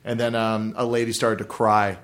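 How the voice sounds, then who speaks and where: A man's voice: lowish voice, level tone, normal speed, a bit bright. A man co-hosting a podcast, telling a rambling story in casual chat. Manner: rambling, many fillers. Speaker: podcast co-host.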